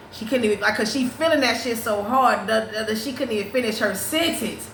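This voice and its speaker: A woman with a fairly high voice hosts a loose, casual chat. She talks in an animated, profane way, often restarting and slipping into bits of song. The recording is roomy, with faint ambience behind her. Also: brisk, hardly any pauses, slight background noise. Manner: animated, profane, restarts and breaks into sung snippets. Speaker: podcast host.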